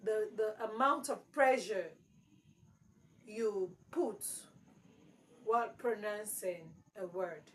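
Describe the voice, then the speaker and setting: A woman's voice: mid-range voice, slow, pauses often, slight background noise, poor audio. A woman teaching exam prep, repeating key words with strong emphasis. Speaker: English teacher.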